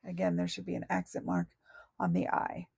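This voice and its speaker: A woman teaching a Spanish lesson from her notes, speaking slowly and deliberately and correcting herself aloud as she goes. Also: lowish voice, monotone, gravelly, dark tone, breathy edge, no room sound. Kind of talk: recorded lesson reading through notes.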